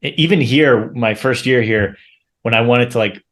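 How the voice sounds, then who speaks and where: A man in casual conversation, speaking in a measured, thoughtful way as a guest. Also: mid-range voice, fairly bright tone. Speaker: English teacher, guest.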